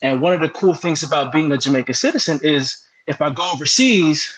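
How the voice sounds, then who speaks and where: A young man, a sports broadcaster, chatting as an interview guest and telling animated stories with plenty of fillers and restarts. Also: on the high side, brisk, slightly rough, poor audio. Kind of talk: casual interview chat.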